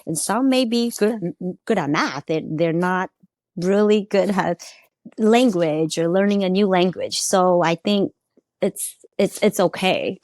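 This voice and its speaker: A woman hosting a podcast interview, agreeable and quick with murmured backchannels. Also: on the low side, a little mellow, dry recording, studio quality. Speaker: podcast host. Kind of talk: casual interview chat.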